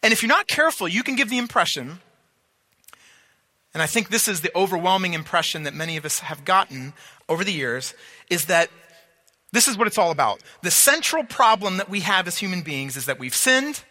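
A man's voice: high voice, expressive, brisk, pushed and bright, big-room sound. A man preaching a sermon, teaching emphatically and asking rhetorical questions.

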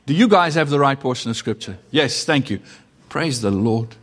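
A middle-aged man with a South African accent preaching a sermon as pastor, with dramatic pauses and sudden shifts between loud and hushed delivery. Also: mid-range voice, expressive. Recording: long reverb of a hall.

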